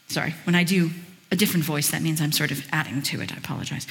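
A woman's voice: low-pitched, fast talker. Woman preaching in an echoing church. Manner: conversational, with chatty asides; reads scripture aloud in a lively voice. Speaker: guest speaker. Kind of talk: sermon.

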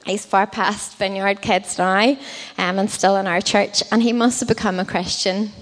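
A woman's voice: medium pitch, fairly even intonation, moderate pace. A woman preaching a sermon in a conversational way, with frequent ums and likes. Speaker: children's ministry leader preaching. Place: church hall. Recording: long church hall reverb.

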